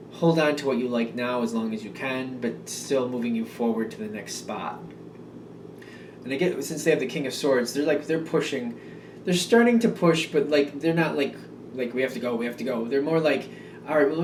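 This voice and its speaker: A man does a relaxed tarot reading, yawning and a little drowsy as he muses aloud with lots of fillers and restated points. His medium-pitched voice is recorded from a distance, with roomy off-mic sound and a little hiss or hum.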